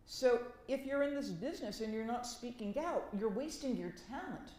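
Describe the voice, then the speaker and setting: An animated woman from Massachusetts talks with wry humor, often repeating words for emphasis. She speaks as a professor on a panel, and her voice rings in an echoey room. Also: fairly high pitch, normal speed. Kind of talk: conversational academic talk.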